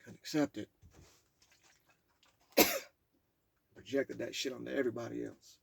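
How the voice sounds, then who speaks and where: A man's voice: mid-range voice, fairly even intonation, unhurried, vocal fry, slightly rough. A man reading his own memoir aloud, raw and profane, stumbling and stopping when memories overwhelm him.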